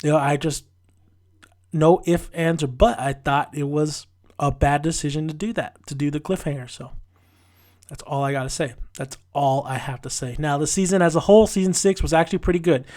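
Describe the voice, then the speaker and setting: A man's voice: a little high, brisk, darkish tone. A man reviewing a TV episode in a casual, frustrated rant with frequent restarts. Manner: frustrated, ranting, with many restarts. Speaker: TV show reviewer.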